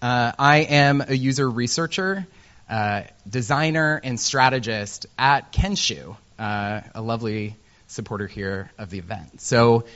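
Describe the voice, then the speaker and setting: Speaking unhurriedly in a mid-range, slightly bright voice, a man from Indiana, USA, presents a conference talk as a user researcher. He's joking and self-deprecating, with plenty of ums and uhs, and the recording is muffled.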